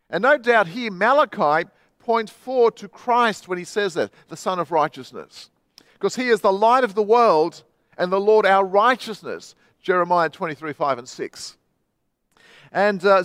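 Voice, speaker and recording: A pastor preaching a sermon in church with an Australian accent, reading a passage dramatically with big swings in loudness and pace. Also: male voice, sits high, no echo, clean studio sound.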